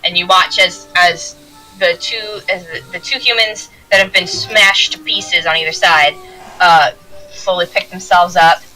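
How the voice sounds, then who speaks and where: Bright-voiced woman game master. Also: lowish voice, fairly even intonation, measured pace, soft background music, rough recording. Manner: rambling, many restarts and fillers. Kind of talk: narrating a tabletop game.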